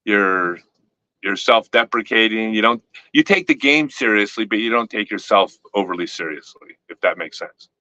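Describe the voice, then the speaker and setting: A man's voice: lowish voice, moderate pace, bright, forceful tone, dry recording, muffled recording. A man hosting a casual interview, rambling with restarts and teasing playfully. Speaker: host, disc company owner.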